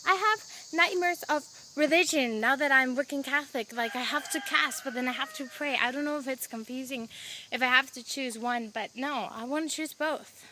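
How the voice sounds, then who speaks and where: Bright high-voiced teenage girl venting. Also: normal speed, a little hiss or hum. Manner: chatty, swears often, relays events as back-and-forth dialogue. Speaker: vlogger. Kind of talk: venting storytime to camera. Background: roosters crowing faintly outside.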